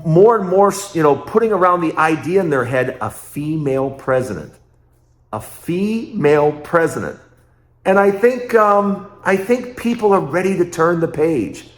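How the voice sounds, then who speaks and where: A man hosting his own political commentary show, talking emphatically and repeating phrases in quick rhetorical bursts. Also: on the high side, reverberant.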